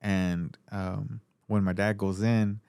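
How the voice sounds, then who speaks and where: Casual male podcast host, lowish, dry close-mic sound, profane rambling storyteller. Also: level tone, takes it slowly, creaky, a little mellow, clear, resonant tone, no room sound. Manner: profane, rambling anecdotes with frequent laughter.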